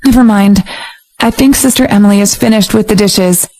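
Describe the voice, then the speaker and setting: A woman's voice: mid-range voice, a little fast, dark tone, close to an everyday voice, rough recording. A woman voicing an indignant, flustered young woman in a romance audiobook. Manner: exasperated, protesting.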